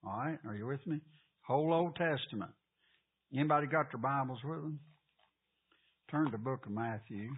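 A man's voice: medium pitch, normal speed, long pauses. A man teaching a Bible class, quizzing his listeners and repeating the key points. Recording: phone-like lo-fi, husky.

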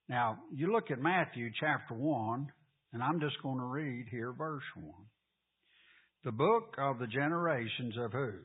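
A man teaches a Bible class, tossing questions to the room and hammering home each point. His voice is husky. The sound is thin and phone-like. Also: medium pitch. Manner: asks the class questions, repeats key points.

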